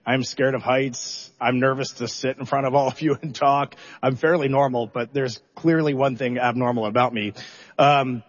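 Animated storytelling commander, dull sound. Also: male voice, mid-range voice, moderate pace. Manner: animated, self-deprecating storyteller who acts out his own reactions. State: emotional, holding back tears. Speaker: spacecraft commander. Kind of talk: storytelling in a public interview.

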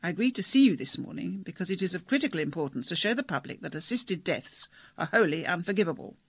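A man's voice: sits high, expressive, fast talker, a bit bright, slightly rough, dry recording, exaggerated voice. Man reading as a pompous doctor. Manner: declamatory, speechifying. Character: pompous stern older male doctor.

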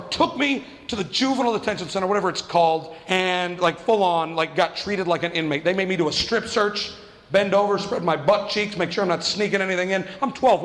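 A man doing stand-up, telling a story in an animated way and jumping into quoted voices. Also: sits high, in a large hall. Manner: animated, acts out quoted voices with big jumps. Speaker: stand-up comedian.

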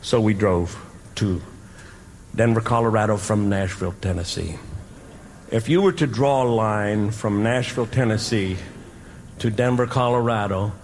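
A man's voice: mid-range voice, a little mellow. An older male comedian telling a folksy story onstage in a dry, easygoing way. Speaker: stand-up comedian. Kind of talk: stand-up storytelling. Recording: reverberant hall, faint noise.

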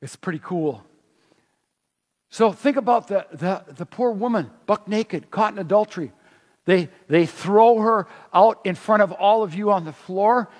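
A man preaching a sermon, animated and emphatic, often restarting his phrases. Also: high-pitched, measured pace, long reverb tail.

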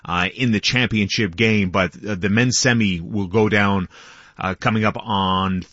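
A man's voice: fairly low pitch, steady tone, measured pace, fairly bright tone, no room sound. A man giving the sports report on morning radio in a loose, chatty way, with fillers and easy laughs. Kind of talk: casual sports chat on radio. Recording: dull, dry radio studio sound.

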